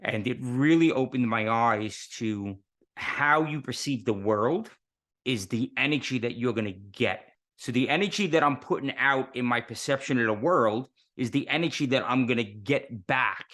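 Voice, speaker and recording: A man's voice: mid-range voice, normal speed, fairly bright tone. New guy in his 50s, chatty interview guest, earnest, lots of rhetorical questions. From New York City. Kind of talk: casual interview talk.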